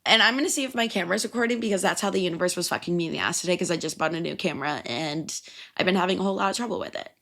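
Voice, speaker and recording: A woman's voice: on the low side, racing, creaky, fairly bright tone. A young woman hosting her own podcast, rambling casually and swearing often, laughing at her own stories about working as a server. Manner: rambling, profane, self-amused, laughs often. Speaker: podcast host. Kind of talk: casual solo podcast chat.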